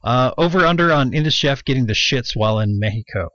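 A man's voice: medium pitch, lively intonation, fast, fairly bright tone, dry recording, dull audio. A man co-hosting a podcast in casual, joking chat, reading listener questions aloud. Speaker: podcast co-host.

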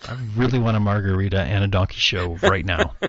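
A man's voice: sits low, fast, a bit bright, no room sound, muffled recording. A man co-hosting a podcast in casual, joking chat, reading listener questions aloud. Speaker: podcast co-host.

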